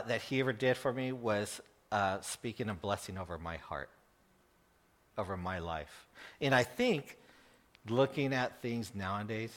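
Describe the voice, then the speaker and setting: A middle-aged man preaching, telling a personal story in an earnest, emotional way, with laughs and pauses. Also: on the low side, a bit bright. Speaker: pastor.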